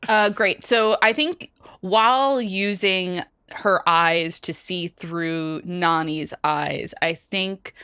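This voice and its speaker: A woman's voice: fairly low pitch, slow, pushed and bright, clear, resonant tone, no room sound, clean studio sound. A woman player in a tabletop game, chatty and explaining her moves in detail.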